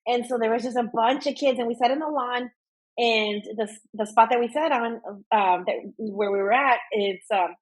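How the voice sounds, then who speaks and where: A woman from Eagle Pass, Texas, chats casually as a podcast co-host. She tells a long, rambling story and leans on "like" a lot. Her voice is somewhat high with a breathy, husky edge. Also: normal speed, rough recording. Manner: rambling storyteller, heavy use of "like", switches into Spanish. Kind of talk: casual chat.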